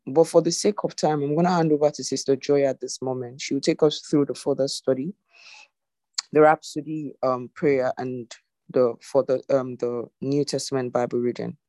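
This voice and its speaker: A woman's voice: very deep voice, fairly even intonation, moderate pace, dark tone, no room sound. A woman preaching an earnest, exhorting sermon to an online congregation over a video call. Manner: earnest, exhorting, often rising in emphasis. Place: online meeting.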